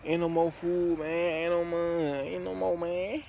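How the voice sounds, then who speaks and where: A man's voice: on the high side, level tone, measured pace, creaky, dark tone, slight background noise. A man vlogging casually, laid-back and full of slang, often stumbling over words and chuckling at himself. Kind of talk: casual vlog.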